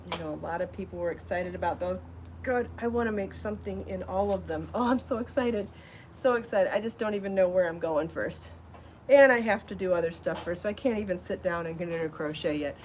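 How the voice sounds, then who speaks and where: A woman hosting a live crafting show, chatty and enthusiastic, out of breath from rushing around and trying on garments. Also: on the low side, darkish tone, a little hiss or hum. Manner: chatty and enthusiastic, laughs at herself. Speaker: podcast host showing her yarn designs. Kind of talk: casual live show chat.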